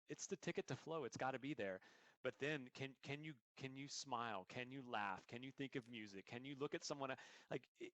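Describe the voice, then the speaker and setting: A man talks as an endurance coach in an interview, earnest and explanatory, and often stumbles into restarts. His voice sits at an ordinary pitch. The sound is dry and close, with no room around it. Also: fairly bright tone, no room sound. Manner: earnest, frequent restarts and repeated words. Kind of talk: conversational interview answers.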